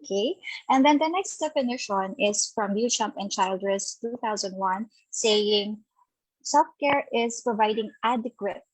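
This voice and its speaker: A woman with a mid-range voice and a Filipino accent runs an interactive online self-care webinar at a measured pace. She reads participants' typed answers aloud and affirms them with frequent "okay" and "ayan." The recording is rough but has no room sound.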